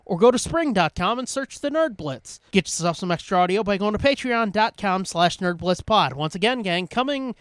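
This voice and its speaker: High-voiced profane podcast man. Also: expressive, normal speed, few pauses, a bit bright, smooth, no room sound, clean studio sound. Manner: profane, rambling, reads sponsor list. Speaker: podcast co-host. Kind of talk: casual chat.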